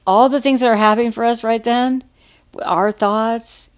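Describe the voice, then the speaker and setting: A woman's voice: a little high, steady tone, normal speed, clean tone. A woman co-hosting a podcast in casual chat, reflective and conversational. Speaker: podcast co-host.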